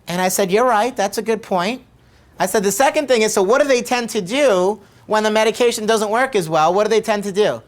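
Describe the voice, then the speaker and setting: A middle-aged American chiropractor tells a patient story to the camera conversationally, repeating his questions for emphasis. His voice is high and his pace brisk.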